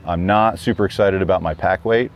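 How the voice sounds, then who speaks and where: Low-voiced man chatting, rambling. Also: fairly quick, dull audio, slight background noise. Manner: rambling, many fillers and restarts. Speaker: guest hiker. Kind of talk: casual chat.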